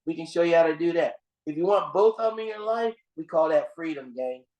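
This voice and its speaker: With a fairly high, darkish voice and a fairly quick delivery, a seminar speaker preaches a motivational story to listeners he calls "gang." He repeats phrases, restarts, and swings emphatically, and the sound has a roomy echo.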